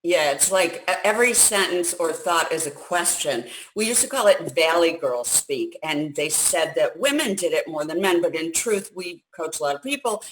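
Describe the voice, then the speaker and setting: Lively woman coaching on speaking. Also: lowish voice, normal speed, few pauses, a little hiss or hum, low-quality recording. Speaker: communication coach. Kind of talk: instructional talk.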